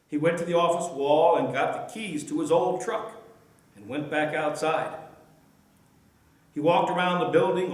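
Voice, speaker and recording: Pastor guy telling a christmas-style story, slightly high voice, lots of echo. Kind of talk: storytelling in a sermon. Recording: echoey room.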